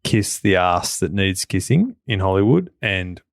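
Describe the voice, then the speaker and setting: A man's voice: low voice, big pitch swings, a little slow, gravelly, no room sound, clean studio sound. A man co-hosting a casual podcast, joking and teasing with wry asides. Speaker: podcast co-host. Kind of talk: casual conversational podcast chat.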